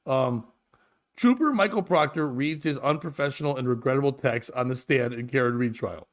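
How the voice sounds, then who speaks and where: A man's voice: mid-range voice, a little fast. A man in his thirties hosting a podcast, chatting loosely and joking, swearing and laughing often. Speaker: podcast host. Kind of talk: casual comedy chat.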